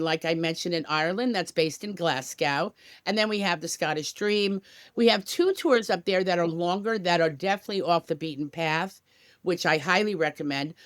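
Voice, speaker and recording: This tour company guest speaks in a lowish register on a travel podcast, sounding cheerful and chatty with frequent offhand remarks. It's an enthusiastic interview captured in studio quality with no room sound.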